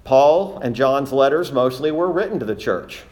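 A man's voice: mid-range voice, expressive, moderate pace, a little mellow. A man preaching a sermon as pastor, earnest, reading scripture aloud in old King James wording.

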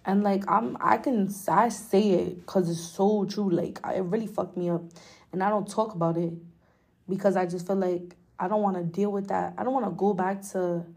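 A woman's voice: medium pitch, fairly even intonation, moderate pace, a little mellow. A young woman hosting a podcast, telling a personal story in a candid, emotional way, swearing often and filling her talk with "like". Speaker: podcast host.

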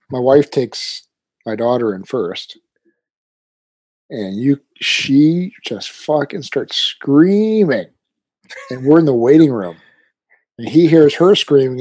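A man in his thirties tells a story in casual chat, acting out the voices of the people in it. His voice is mellow and somewhat husky. The sound is dry and close. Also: medium pitch, slow pace, dry recording. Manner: animated storyteller, acting out his kids' lines.

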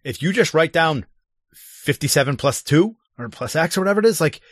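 A man's voice: fairly high pitch, animated, a little fast, no room sound, clean studio sound. A middle-aged man in casual chat, a parent telling a frustrated, wry story about helping his child with math.

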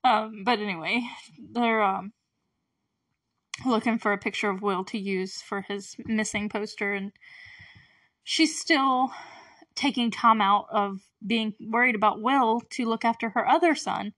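She speaks a little slowly in a medium-pitched, fairly bright voice, recorded from a distance without echo. Hosting her own relaxed podcast, she gushes through a show recap, laughs a lot, and slips into quick put-on voices for the characters.

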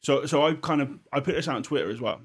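A young man co-hosting a podcast, thinking out loud about football, restarting his sentences and swearing casually. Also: mid-range voice, fast talker, husky. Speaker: podcast co-host.

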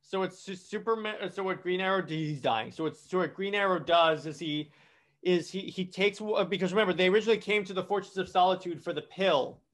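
A man's voice: high voice, a little fast, a bit bright. A man casually retelling a comic storyline, rambling with many restarts and false starts. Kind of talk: casual comic plot recap.

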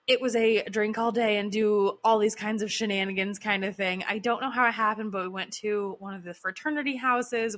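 A woman's voice: medium pitch, fairly bright tone. A woman in her thirties telling casual stories in a chatty way, with lots of fillers and frequent laughter. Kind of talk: casual storytelling monologue.

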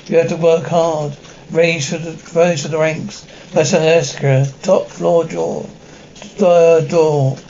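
A man's voice: fairly high pitch, steady tone, takes it slowly, mellow, dull audio, slight background noise. A man voicing a devoted, hard-working single mother who talks in a tender, pleading way.

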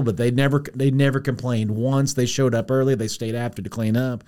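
A man's voice: medium pitch, fairly even intonation, a little fast, mellow. A man co-hosting a church podcast, talking enthusiastically and often restarting his sentences. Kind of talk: casual chat.

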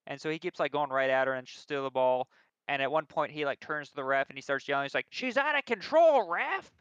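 A young man tells a self-deprecating story in a casual podcast chat, animated and quick to mock himself. His voice is bright, crisp and slightly high. The recording is dry and a bit dull, with a lo-fi edge. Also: dry recording. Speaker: podcast co-host.

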